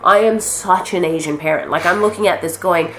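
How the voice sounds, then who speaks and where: A woman acting as interview guest, telling lively stories in casual chat, acting out quotes and swearing freely. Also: fairly low pitch, a little fast. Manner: animated storyteller, acts out quotes, swears freely. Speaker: actress and guest. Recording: roomy echo with faint noise.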